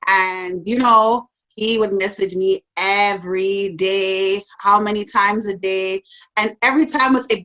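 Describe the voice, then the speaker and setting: A woman's voice: mid-range voice, fairly even intonation, a little slow, a bit bright, low-quality recording. A woman in a casual group chat, talking in a loose, rambling way with lots of "like" and "you know". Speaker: guest.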